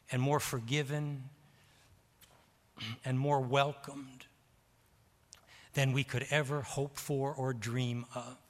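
A man preaching a sermon in a church, animated and voicing the characters' words, repeating phrases for emphasis. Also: mid-range voice. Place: church sanctuary. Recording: long reverb of a large hall.

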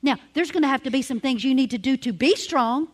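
A middle-aged woman teaching a women's ministry sermon, emphatic, slowly spelling out key words letter by letter. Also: high voice.

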